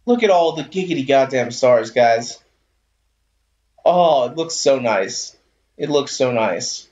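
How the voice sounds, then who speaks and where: A man's voice: on the high side, echoey room. A man streaming a racing game live, talking casually in a rambling, easygoing way and often repeating himself. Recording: dull lo-fi stream audio.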